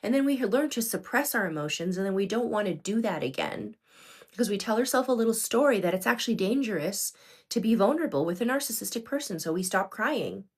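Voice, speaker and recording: A woman's voice: mid-range voice, expressive, quick pace, husky. A middle-aged woman hosting a livestream, talking earnestly and directly to her viewers and often checking in with them. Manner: earnest, addresses viewers directly with frequent "okay?". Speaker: livestream host. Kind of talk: unscripted livestream talk to viewers.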